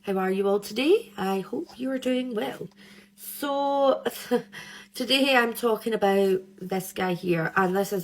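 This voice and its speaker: Young woman, true crime host, casual chat, rambling, nervous giggles, medium pitch. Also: takes it slowly.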